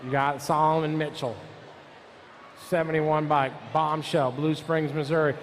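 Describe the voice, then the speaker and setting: There's a little hiss or hum as a man with a fairly high pitch and flat delivery calls a live BMX race. He rapidly lists rider names, numbers and nicknames as the riders come onto the track.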